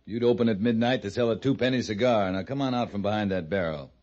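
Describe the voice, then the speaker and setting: An actor playing a blunt, dryly impatient army captain in a 1950s radio drama. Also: male voice, fairly low pitch, quick pace, darkish tone, close to an everyday voice. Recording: dull old radio broadcast recording.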